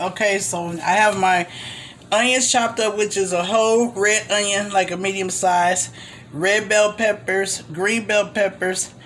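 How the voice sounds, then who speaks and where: A woman's voice: medium pitch, fairly bright tone, a little hiss or hum. An older woman hosting a home cooking show, chatting homily through each step as she cooks in her kitchen. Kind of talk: casual step-by-step cooking demo. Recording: kitchen clatter of pots and dishes. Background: cutlery and pots clanking.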